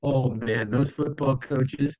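A man's voice: medium pitch, fairly even intonation, slow, darkish tone, no echo, rough recording. Man, interview guest, casual storytelling, rambling, lots of fillers, dry close sound. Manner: rambling, many fillers, acts out quoted voices.

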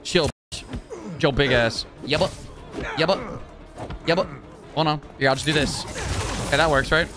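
A man streaming a video game, loud and excitable, swearing and trash-talking enemies as he plays. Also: a little high, fairly quick, long pauses. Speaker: gaming streamer. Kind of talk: let's play commentary. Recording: game music loud behind voice. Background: video game music and sound effects.

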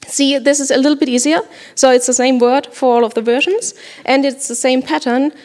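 A German-accented woman speaks at a conference in a light, playful way, with many ums along the way. Her voice sits fairly high, and the sound trails off into a long hall reverb. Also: fairly even intonation, a little fast, few pauses, darkish tone. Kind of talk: lightning talk presentation.

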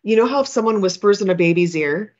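A woman's voice: mid-range voice, fast, lo-fi sound. A woman from Minnesota hosting an interview, chatty and rambling with frequent restarts. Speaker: podcast host. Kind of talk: podcast interview.

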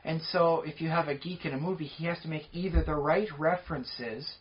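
A man's voice: on the high side, a little fast. A man co-hosting a podcast in casual chat, talking at length with many fillers. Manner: rambling, talkative, lots of fillers. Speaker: podcast co-host. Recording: dull lo-fi podcast audio.

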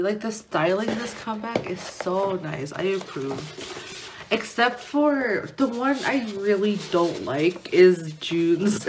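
A young woman talks slowly and a little low as she unboxes an album on her vlog, rambling, giggling and restarting her thoughts. There is a faint hiss behind her voice. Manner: rambling and giggly, many restarts and filler words. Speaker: vlogger. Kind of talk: casual chat while unboxing an album. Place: indoors at home near a window.

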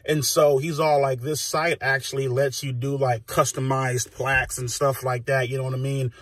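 A man's voice: medium pitch, level tone, normal speed, a bit bright, no room sound. A man in his thirties from the United States, ranting heatedly with constant swearing and filler phrases as a vlogger recording on his phone. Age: 30s. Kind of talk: profane rant to camera.

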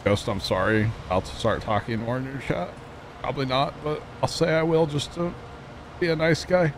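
During a gaming livestream, a young Midwestern American man talks casually with his audience, laughing often and making jokes at his own expense. His mid-range voice moves at a moderate pace, with a slight hiss or hum.

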